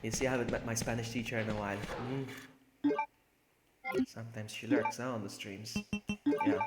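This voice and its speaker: A man's voice: medium pitch, moderate pace, loud music behind the voice. A man live-streaming a video game, joking with chat and laughing often. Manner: joking, excitable, laughs a lot. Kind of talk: live gameplay commentary. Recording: echoey room with faint noise.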